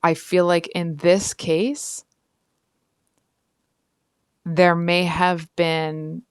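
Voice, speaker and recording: A woman's voice: low voice, clean tone, no echo, clean studio sound. A woman giving a casual, frank tarot reading straight to her viewers, chatty and full of asides. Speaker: tarot reader.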